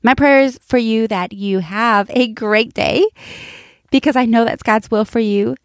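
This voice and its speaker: A woman's voice: a little high, measured pace, dry recording, clean studio sound. A middle-aged woman pastor giving an earnest, encouraging devotional message and speaking straight to her listeners. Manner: emphatic repetition, light laughs.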